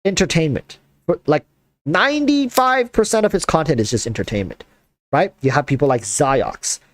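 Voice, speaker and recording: Animated rambling man, lively pitch. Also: moderate pace, no room sound. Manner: animated, rambling, filler-heavy. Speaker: content creator and host. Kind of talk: casual podcast chat.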